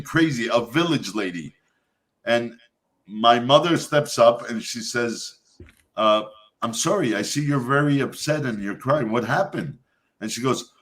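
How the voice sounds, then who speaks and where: A man hosting a casual chat, telling a family story with lively quoted voices. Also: mid-range voice. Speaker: host.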